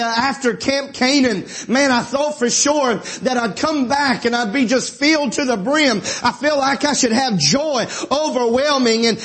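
High-voiced preacher man. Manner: preaching with rising, shouting fervor and folksy asides. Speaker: pastor. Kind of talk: sermon.

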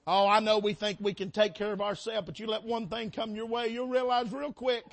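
A man's voice: high voice, flat delivery, brisk, gravelly. A man preaching a sermon in a church, impassioned and calling out to the congregation. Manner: impassioned, rising and falling, calls out to the congregation. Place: church sanctuary.

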